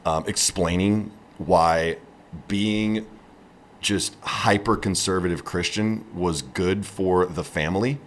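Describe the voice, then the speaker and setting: Deep-voiced man telling his story haltingly. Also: a little hiss or hum. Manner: halting storytelling, many fillers and restarts. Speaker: comedian guest. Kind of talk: casual podcast interview.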